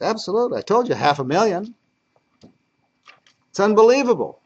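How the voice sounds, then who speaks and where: A man's voice: on the high side, lo-fi sound. A man teaching a history class as lecturer, talking conversationally and repeating key points for emphasis.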